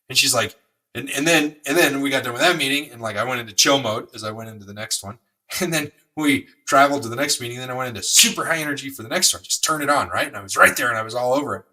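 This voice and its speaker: Man, podcast host, motivational monologue, quick, bright, slightly distant mic. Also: mid-range voice. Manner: energetic, rambling storytelling with many fillers.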